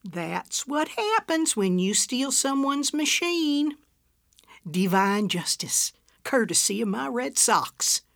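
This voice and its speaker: A woman voicing a feisty elderly woman in her seventies who fires back sharp, indignant retorts in a storybook. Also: on the high side, sing-song, slow, gravelly, no room sound, clean studio sound, pitched above the performer's own voice, exaggerated voice. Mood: smug. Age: 70s. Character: feisty elderly woman, quick-tongued and prickly.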